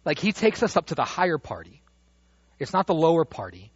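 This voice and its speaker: A man preaching a sermon as pastor, animated, dropping to a hush and rising loud as he acts out the father's words. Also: a little high, fairly quick, husky, no echo. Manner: animated, swings from hushed to loud when quoting the father. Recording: dull dry lo-fi sound.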